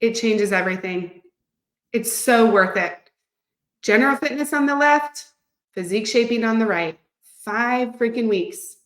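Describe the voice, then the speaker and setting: A woman in her thirties, a fitness coach, talking to her live audience in a gushing, excitable, chatty way. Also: on the high side, unhurried. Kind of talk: live-streamed coaching talk. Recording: echoey room.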